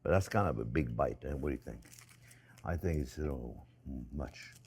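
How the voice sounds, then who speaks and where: A man's voice: very deep voice, lively intonation, normal speed, a little mellow, a little hiss or hum. A middle-aged man hosting a cooking demonstration as a chef. He is talkative and jokey and calls his viewers friends. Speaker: chef and cooking show host.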